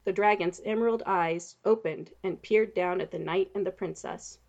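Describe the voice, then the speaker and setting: Gravelly-voiced woman reading a story. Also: lowish voice, normal speed, a little mellow. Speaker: narrator.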